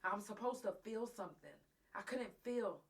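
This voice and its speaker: Hosting a live talk show, a woman speaks at a moderate pace in an animated mid-range voice. She tells listeners directly about something personal, raw and profane, with her emotions close to spilling into tears.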